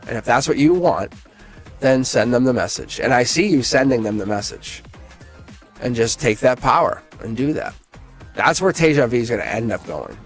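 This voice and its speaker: A man giving a live-stream tarot reading, excited and rambling, with frequent laughs and restarts. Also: mid-range voice. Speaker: tarot reader.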